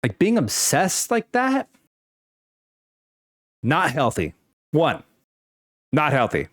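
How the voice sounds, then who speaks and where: A young man rambles through an unscripted personal rant, full of fillers, restarts and casual swearing. His voice leaps high and drops low as he talks. The sound is close and dry, with no room echo. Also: huge pitch swings, slow pace, a bit bright. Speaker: vlogger.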